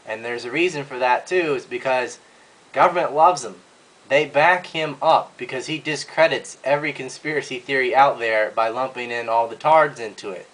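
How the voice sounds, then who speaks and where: A man's voice: medium pitch, moderate pace, a bit bright, rough recording. Man ranting in mocking commentary. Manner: blunt, mocking, crude insults. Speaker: video commentator.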